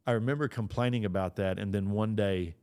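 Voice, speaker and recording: A man's voice: on the low side, fairly quick, darkish tone, smooth. A man hosting a podcast who tells a personal story in an earnest way, often repeating and restarting his phrases. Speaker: podcast host.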